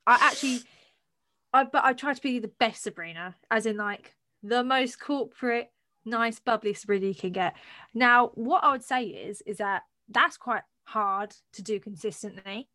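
A woman co-hosting a podcast in casual chat, animated and blunt, swearing and asking rhetorical questions. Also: fairly high pitch, normal speed, no room sound, studio quality. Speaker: podcast co-host.

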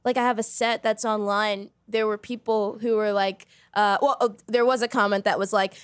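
A woman's voice: mid-range voice, fairly even intonation, clean tone, no room sound, studio quality. A woman from Boston co-hosting a podcast in casual, jokey chat. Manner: jokey, quick-riffing. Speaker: podcast co-host.

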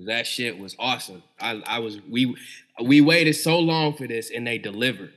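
A man's voice: mid-range voice, normal speed, fairly bright tone. Easygoing, slangy man co-hosting. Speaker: podcast co-host. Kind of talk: casual chat.

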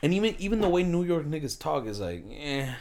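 A man's voice: a little high, big pitch swings, quick pace, a little mellow, a little hiss or hum. A man in casual podcast chat, ranting emphatically and swearing freely.

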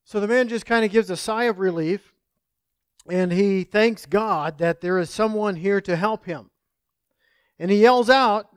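A man's voice: high-pitched, clear, resonant tone, no echo, clean studio sound. A male pastor preaching a sermon, praying and telling a folksy story in an earnest manner.

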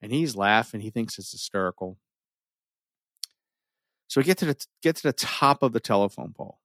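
A middle-aged man telling a personal story in an animated way, full of restarts and dramatic pauses. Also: fairly low pitch, dry recording, studio quality.

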